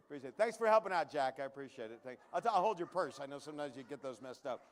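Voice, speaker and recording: A man with a notably high voice works a comedy showroom as a magician. He jokes his way through tricks and throws quick asides to the audience in a live stand-up manner. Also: animated. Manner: joking, quick asides to the crowd.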